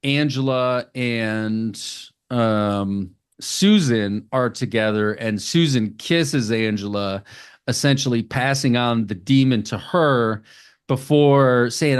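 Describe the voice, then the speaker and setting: A man's voice: medium pitch, clean tone. A man co-hosting a podcast, casually recapping a horror movie with profanity and jokey character voices. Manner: swearing, acts out characters in quick funny voices. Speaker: podcast co-host.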